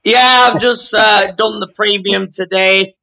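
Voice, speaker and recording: A man's voice: high voice, steady tone, measured pace, creaky, sharp tone. A man guest on a live stream, chatting in an easygoing, hesitant way with lots of ums and uhs. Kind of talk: casual chat on a live stream.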